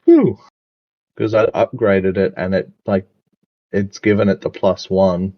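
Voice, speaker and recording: A man's voice: low-pitched, steady tone, unhurried, no room sound. A man casually playing a tabletop game in a playful, easygoing way. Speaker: player. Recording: dull, dry lo-fi mic.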